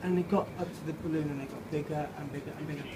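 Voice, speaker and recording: A slightly drunk man reading his own story aloud outside a pub, halting and playful, with restarts and swearing. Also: on the high side, steady tone. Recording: noisy outdoor pub ambience.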